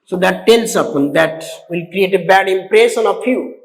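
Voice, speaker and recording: A man teaching an English exam-prep lesson, explaining slowly with many repeats and fillers and spelling out words letter by letter. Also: sits high, expressive, vocal fry. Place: classroom. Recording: echoey room with long reverb.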